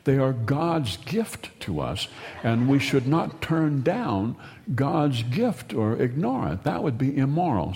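A man's voice: mid-range voice, darkish tone. Man telling a wry, rambling story. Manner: wry, meandering, stumbles and repeats words. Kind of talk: humorous storytelling monologue. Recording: long hall reverb.

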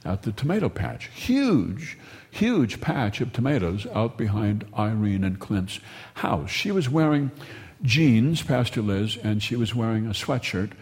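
A man's voice: lowish voice, big pitch swings, measured pace, darkish tone. A man telling a humorous story in a wry, meandering way, often stumbling and repeating words. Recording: long hall reverb.

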